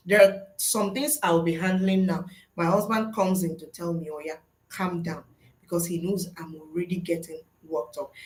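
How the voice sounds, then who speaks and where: A middle-aged woman with a fairly low voice teaches fellow educators in a webinar. She is earnest and teacherly, posing questions and then answering them herself. Her voice rings a little in an echoey room. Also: steady tone, normal speed, darkish tone. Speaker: school psychologist and webinar teacher.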